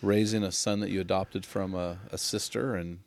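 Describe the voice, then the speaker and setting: A man's voice: low-pitched, steady tone. A man from Oregon hosting a podcast, upbeat and joking, introducing a guest in casual chat. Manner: upbeat, jokey, quick asides. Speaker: podcast host.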